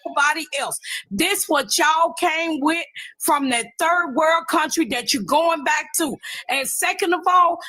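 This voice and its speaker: A woman giving a forceful, indignant rant on a live stream, often raising her voice to a shout. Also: sits high.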